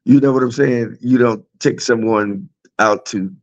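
A man's voice: medium pitch, a little slow. A man guest on a podcast, talking reflectively about spiritual matters with frequent "you know". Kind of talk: casual chat. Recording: dull lo-fi sound.

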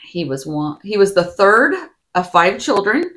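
A woman's voice: mid-range voice, big pitch swings, measured pace, a bit bright. A woman co-hosting a casual podcast, telling a story with lots of giggles. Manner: giggly, storytelling, attempts silly accents. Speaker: podcast co-host. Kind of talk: casual chat.

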